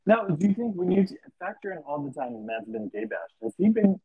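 A man's voice: on the high side, sing-song, a little fast, husky, no room sound. A man co-hosting a podcast, bantering and teasing in casual chat. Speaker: podcast co-host. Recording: dry tinny phone-like line.

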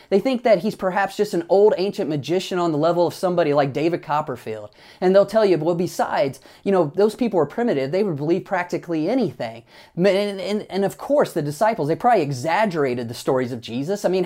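A man's voice: sits high, mellow. A male pastor preaching a sermon in a conversational, emphatic way, with casual asides.

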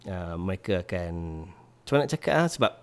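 Malaysian man, podcast co-host, low-pitched, halting, casual. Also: expressive, clear, resonant tone. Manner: halting, repeats words while searching for phrasing. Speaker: co-host, language teacher. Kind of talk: casual podcast chat, switching between English and Malay.

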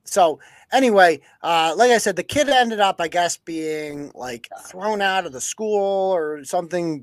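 A man's voice: a little high, no room sound. A man hosting a live news-commentary podcast, ranting with heavy profanity and sarcasm. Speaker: podcast host.

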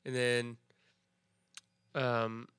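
A man's voice: medium pitch, level tone, very slow, a bit bright, clean tone, dry recording, clean studio sound. A man guesting on a comedy podcast, telling a rambling story and swearing freely. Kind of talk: casual storytelling.

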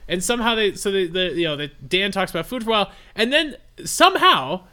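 A man co-hosting a podcast in casual chat, excitable and quick to act out his own reactions. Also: high-pitched. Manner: excitable, animated, acts out reactions in quotes. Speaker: podcast co-host.

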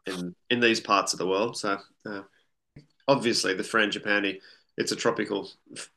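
Aussie guy co-hosting a podcast, bright tense voice, rambles and chuckles. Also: fairly low pitch, steady tone, moderate pace, gravelly. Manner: rambling, chuckling, many fillers. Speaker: podcast co-host. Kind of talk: casual chat.

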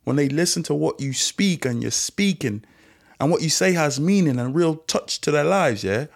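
A young man hosting a solo podcast rant, animated and self-interrupting, swinging between loud bursts and hushed asides. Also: fairly high pitch, normal speed, gravelly. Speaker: podcast host. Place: indoors, lying down recording at home.

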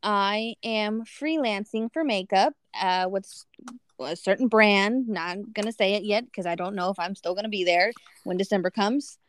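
A young woman co-hosting a casual chat, telling stories in a chatty, gossipy way with quick asides. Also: medium pitch, no echo.

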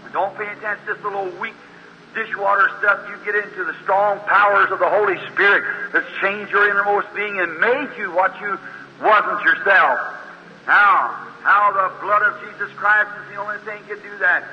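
A man preaches a fiery revival sermon, acting out the voices in his story and rising to high, urgent exclamations. His voice sits high. The recording is dull and lo-fi, with a long hall reverb and faint hiss behind him. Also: fairly even intonation, normal speed.

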